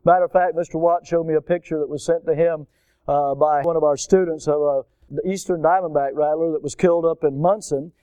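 A man's voice: a little high, brisk, clean tone, dry recording. A man from Florida preaching a storytelling sermon, acting out the voices in his story. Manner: animated storyteller, acts out voices.

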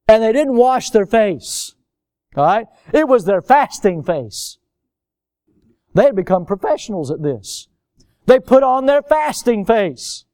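A man's voice: high-pitched, dark tone, no echo, studio quality. A man pastor delivering a sermon in a folksy, emphatic way, drawing out stressed words.

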